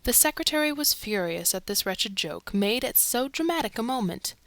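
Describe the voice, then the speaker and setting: A woman's voice: a little high, lively intonation, normal speed, a bit bright, no echo. Woman narrating a classic novel. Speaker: audiobook narrator. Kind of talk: audiobook reading.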